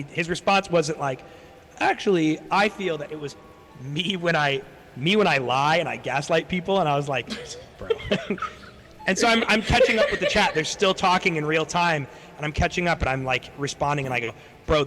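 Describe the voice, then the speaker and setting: A young man streams a rambling, profane story and acts out the other people's lines as he goes. His voice sits a bit on the high side. The recording carries a long reverb tail and a faint hiss of background noise. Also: pushed and bright. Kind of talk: casual storytelling chat.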